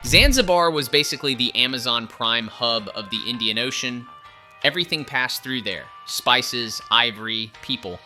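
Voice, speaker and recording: Very bright, hyped male reaction host. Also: medium pitch, moderate pace, soft background music. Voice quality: hyped, jokey. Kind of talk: casual commentary.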